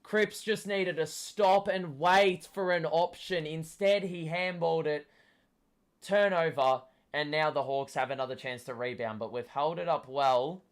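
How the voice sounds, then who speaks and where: Young man, hoarse, excitable fan commentary, fairly high voice, unhurried. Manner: excitable, swearing, shouting at the play. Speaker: watchalong host.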